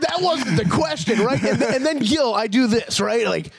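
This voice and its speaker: A man's voice: very high-pitched, moderate pace, gravelly, hardly any pauses, a loud crowd. A man co-hosting a casual studio chat, laughing at himself as he tells his side. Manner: self-deprecating, lively. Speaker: co-host.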